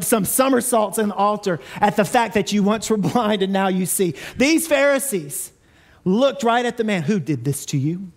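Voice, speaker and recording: Man pastor, high voice, animated storytelling sermon. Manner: animated storytelling, acts out quotes. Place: church sanctuary.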